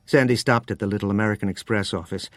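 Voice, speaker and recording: Low, measured male narrator for a thriller audiobook, dry studio read. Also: steady tone, no room sound. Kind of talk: scripted narration.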